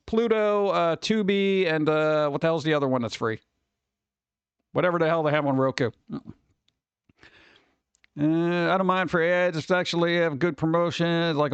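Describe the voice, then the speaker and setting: A man's voice: on the high side, smooth, dry recording, lo-fi sound. A middle-aged man hosting a casual stream, rambling loosely, swearing and acting out the people he talks about. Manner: over-caffeinated. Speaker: streamer host. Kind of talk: casual rambling chat with viewers.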